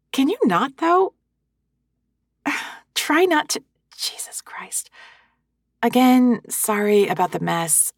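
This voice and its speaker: A woman voicing a hungover young woman who swears and apologizes to the listener in an audio role-play, with halting, self-deprecating talk, close to a sensitive microphone. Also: mid-range voice, vocal fry, husky, dry recording, full character voice.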